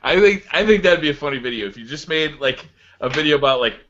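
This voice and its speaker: A man's voice: on the high side, animated, quick pace, a bit bright, muffled recording. A man co-hosting a gaming podcast, laid-back and matter-of-fact. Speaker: podcast co-host. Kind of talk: casual chat.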